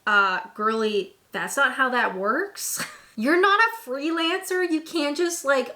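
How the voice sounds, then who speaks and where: Bright, sarcastic young woman recapping. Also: high voice, slow pace. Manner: sarcastic, snarky commentary. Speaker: movie recap host. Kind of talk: casual comedic movie recap.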